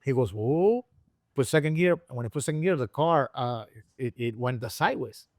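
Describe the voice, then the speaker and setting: A man tells a story as a guest in a casual interview. His voice sits in a middle register and the sound is dry and close, with no room around it. He acts out the people he quotes by jumping up in pitch. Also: animated, normal speed, dry recording. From Puerto Rico. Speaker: guest, engine builder and shop owner.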